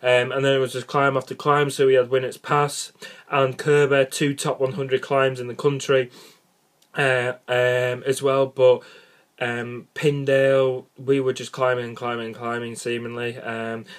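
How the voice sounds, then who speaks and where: A man's voice: mid-range voice, little pitch movement, measured pace. A young man, rambling casually about cycling and bad drivers, exasperated and jokey with many restarts. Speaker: cycling vlogger.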